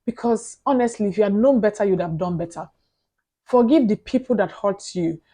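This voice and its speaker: A woman vlogger giving casual motivational talk straight to the camera, earnest and animated, laughing between points and repeating words as she thinks. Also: mid-range voice, a little fast.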